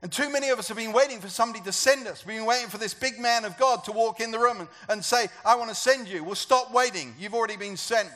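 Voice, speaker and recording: A man's voice: high voice, quick pace, hardly any pauses, fairly bright tone. A man preaching a sermon to a church gathering, talking conversationally and asking the congregation questions. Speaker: pastor.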